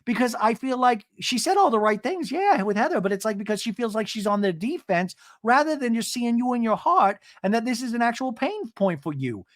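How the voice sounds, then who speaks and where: A man voicing an earnest, soothing reality-TV woman who rambles gently. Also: very high-pitched, big pitch swings, a little fast, hardly any pauses, no echo, clean studio sound, pitched above the performer's own voice.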